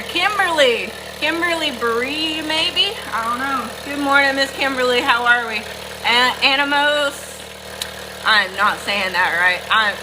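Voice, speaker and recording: A middle-aged woman with a Southern US accent, chatting folksily on a livestream and greeting viewers by name while milking goats. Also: sits high. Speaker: livestream host. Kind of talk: casual livestream chat. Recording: noisy with machine hum. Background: milking machine running.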